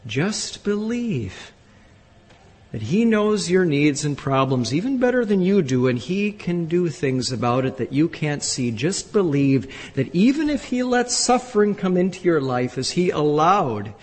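A man preaching a sermon as a pastor, emphatic and rising to loud exclamations. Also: a little high, big pitch swings, moderate pace, few pauses. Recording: echoey hall from a distance.

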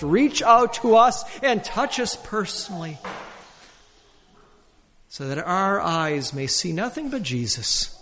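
A man preaching a sermon as pastor, swinging between soaring emphasis and soft, slow lines. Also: long reverb tail. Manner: expressive preaching, soaring and dropping pitch. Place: church.

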